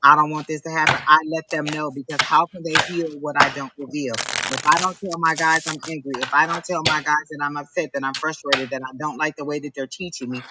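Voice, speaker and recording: A man's voice: a little high, fairly even intonation, fairly quick, few pauses, heavy background noise. A man giving a live psychic reading, emphatic and repetitive as he urges the listener on. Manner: emphatic, repetitive, preachy encouragement. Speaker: psychic reader.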